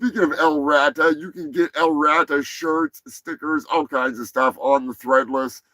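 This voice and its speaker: A man hosting a live comedy show, rattling off odd news stories with lots of swearing and sudden shouted bits. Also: on the high side, steady tone, normal speed, no echo, rough recording. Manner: profane, rowdy, breaks into shouting bits. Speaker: show host.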